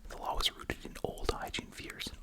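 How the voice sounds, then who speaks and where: Chatty, wry ASMR whisperer chewing gum. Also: normal speed. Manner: chatty, wry, with asides and rhetorical questions. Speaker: ASMR channel host.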